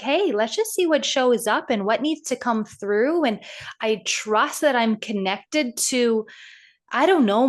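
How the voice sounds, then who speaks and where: Enthusiastic woman podcast host. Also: sits high. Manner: animated, enthusiastic storytelling with acted quotes. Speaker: podcast host and intuitive coach. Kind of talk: casual interview chat.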